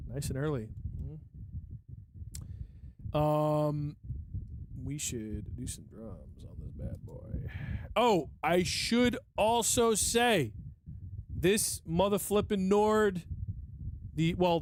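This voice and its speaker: A man's voice: high voice, a little hiss or hum. A man rambling casually and profanely on a music live stream, joking at his own expense. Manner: rambling, profane, self-mocking.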